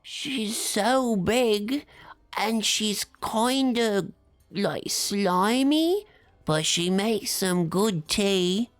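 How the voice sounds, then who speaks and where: A woman's voice: mid-range voice, expressive, drawn-out words, no echo, voice pushed up. A woman voicing a small, chatty caterpillar-like worm that offers tea in a cozy, folksy way. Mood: chatty, hospitable.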